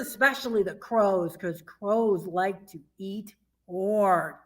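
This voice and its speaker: A youth librarian from Michigan, her voice on the high side, reads to children in a slow, expressive, sing-song way. Along the way she asks the kids questions and imitates the sounds animals make.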